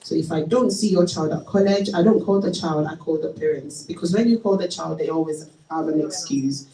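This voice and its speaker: A woman with a Nigerian accent speaking at a parenting seminar. She tells stories in an animated way and acts out the parents' voices. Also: low-pitched, a little fast. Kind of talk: seminar talk with anecdotes. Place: church hall. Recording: echoey hall, mic from a distance.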